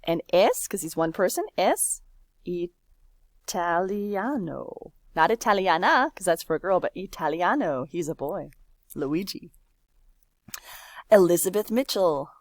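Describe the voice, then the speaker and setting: A woman's voice: on the low side, animated, moderate pace, a little mellow, no room sound, clean studio sound. A woman, a teacher walking learners through a language exercise and stretching out words as she explains. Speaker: Spanish teacher. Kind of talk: screen-recorded lesson walkthrough.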